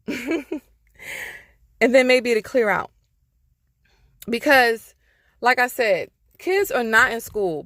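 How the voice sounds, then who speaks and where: A woman's voice: fairly high pitch, a bit bright, no echo, clean studio sound. A woman vlogger in a heated, profane casual rant, getting worked up as she talks. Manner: profane, exasperated, heated ranting. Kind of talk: casual ranting monologue.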